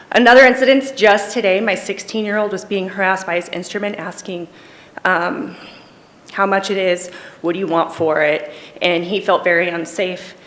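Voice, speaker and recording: A woman giving public comment at a city council meeting, earnest and emotional and a bit nervous, speaking at a podium microphone in a council chamber. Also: fairly low pitch.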